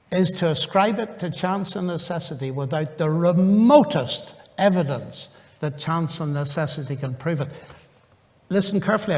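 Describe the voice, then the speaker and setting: A man with a high-pitched voice tells a story in a public lecture, with dry humour, acting out both sides of a remembered conversation. His voice rings with the long reverb of a big lecture hall. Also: darkish tone. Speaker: university professor giving a public talk. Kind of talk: anecdotal lecture with recounted dialogue.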